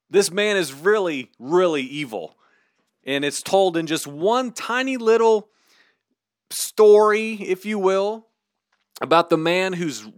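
A man's voice: sits high, a bit bright, no echo, clean studio sound. A man hosting a podcast, teaching through a Bible passage in a casual, conversational way with slangy asides. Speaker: podcast host.

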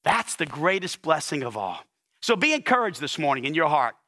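A male pastor preaching a sermon at a church service, emphatic and repetitive, building phrases up to near-shouts. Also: a little high, sing-song, normal speed.

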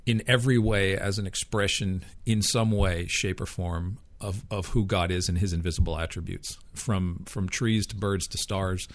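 A man's voice: low voice, steady tone, moderate pace, few pauses, dry recording. A man talking through ideas in a casual book discussion, reflective, often repeating words as he thinks aloud.

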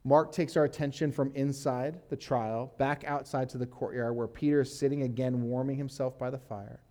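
Mellow-voiced man preaching casually. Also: mid-range voice, fairly even intonation, normal speed. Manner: casual, uses "like" and fillers, reads scripture aloud. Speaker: pastor. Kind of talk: conversational sermon teaching.

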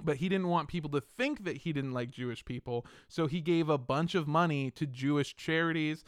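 A young man on a podcast with a slightly high, smooth voice. He tells the story in an animated, irreverent way and swears freely. The sound is dry and close. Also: a little fast, dry recording. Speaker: podcast host telling a history story. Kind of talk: casual podcast chat.

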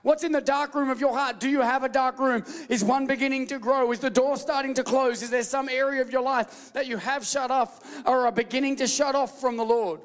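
A man preaching a sermon as pastor, animated and playful, calling out to the congregation and slipping into mock voices. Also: very high voice, brisk, few pauses, long reverb tail.

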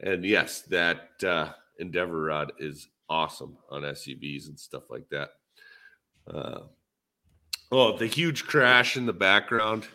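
Easygoing minnesota guy chatting on a podcast, lowish bright voice, lots of uh's. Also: measured pace. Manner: rambling, easygoing, many fillers. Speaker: podcast co-host, dent repair tech. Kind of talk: casual chat.

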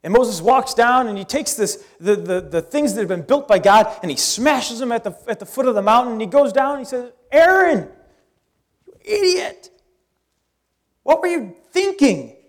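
A male pastor preaching a sermon in an animated, storytelling way, with casual asides. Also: high-pitched, fairly quick, few pauses.

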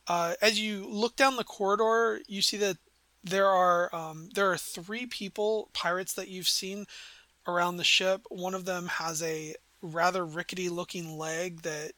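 Bright-voiced male game master. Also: sits high, steady tone, measured pace, no room sound. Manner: rambling, descriptive, many fillers. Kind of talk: narrating a tabletop game.

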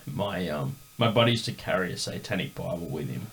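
A man's voice: low voice, lively intonation, fairly quick, creaky, a bit bright. A man hosting a podcast, telling a rambling story in casual chat with lots of fillers. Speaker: podcast host.

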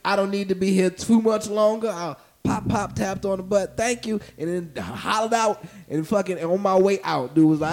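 A man's voice: high voice, moderate pace, few pauses. A young adult man, a comedian, telling a story in casual chat and acting out the voices of the people in it. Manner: animated, acts out voices while telling stories.

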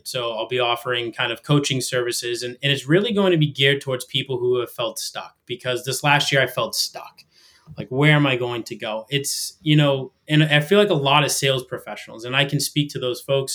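A middle-aged man in a casual podcast chat, pitched squarely in the middle for a man. He speaks with energetic, emphatic drive, in the rising cadence of a would-be motivational speaker. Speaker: podcast guest.

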